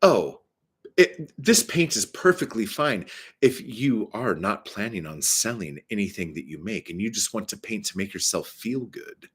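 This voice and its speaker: A man's voice: lowish voice, lively intonation, measured pace, husky, pitched below the performer's own voice. A man voicing a condescending male art store clerk in a snooty put-on accent.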